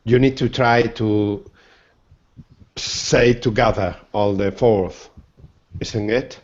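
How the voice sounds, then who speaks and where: Slow, hesitant male language student. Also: on the low side, steady tone, a little mellow, muffled recording. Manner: hesitant, searching for words, laughs nervously. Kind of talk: answering in an English class.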